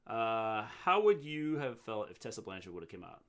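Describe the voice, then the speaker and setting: A middle-aged man co-hosting a casual livestream recap, thinking aloud in halting, restarted sentences. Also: fairly low pitch, very animated, fairly bright tone. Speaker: co-host, wrestling recap.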